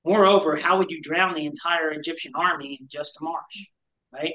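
A man's voice: a little high, steady tone, normal speed, bright, forceful tone, low-quality recording. A man teaching a Bible study to a small group in a conversational, explanatory way, asking rhetorical questions.

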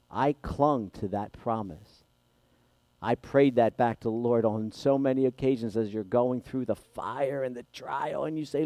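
A man preaching a sermon as pastor, with dynamic delivery that swings from hushed, intimate passages to loud, impassioned ones. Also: medium pitch, dry recording.

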